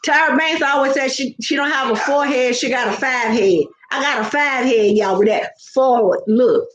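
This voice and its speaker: An older woman chats playfully from home, looping back on her words as she goes. Her voice sits high. The recording is roomy and echoey, with a dull, lo-fi sound. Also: moderate pace. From American South. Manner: chatty, playful, rambling with repeated words. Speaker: vlogger. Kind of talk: casual live-stream chat.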